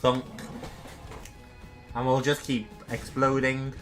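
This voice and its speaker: A young man with a bright, forceful voice talks through his game in a relaxed, chatty way, coaching himself and poking fun at his own mistakes. Soft music plays faintly underneath. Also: medium pitch, normal speed. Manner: chatty, self-deprecating, talks to himself while playing. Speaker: gaming streamer. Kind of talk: casual gameplay commentary.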